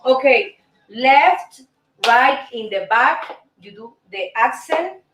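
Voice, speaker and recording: A woman's voice: sits high, lively intonation, slow pace, noisy background. A woman hosting a live dance lesson, upbeat and instructive, counting the steps aloud. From Cuba. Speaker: host and dance teacher. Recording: echoey room with music playing.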